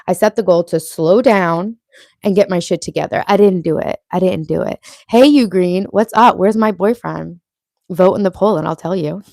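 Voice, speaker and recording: A woman's voice: medium pitch, gravelly, darkish tone, no echo. Brash chatty woman in her late thirties. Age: late 30s. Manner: reads viewer comments aloud and answers them, brash and chatty, swears freely. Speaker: livestream host. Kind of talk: casual livestream chat.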